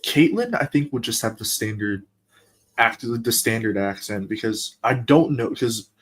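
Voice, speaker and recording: A man's voice: mid-range voice, expressive. A young man from the eastern US, chatting casually on a stream, rambling and playful. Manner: rambling, playful, with quick put-on voices. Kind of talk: casual chat.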